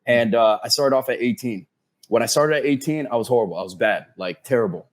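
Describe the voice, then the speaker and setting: A man's voice: mid-range voice, fairly quick. A man, a podcast guest, telling his career story with energy and acting out what other people said to him. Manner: animated storyteller who acts out quoted dialogue.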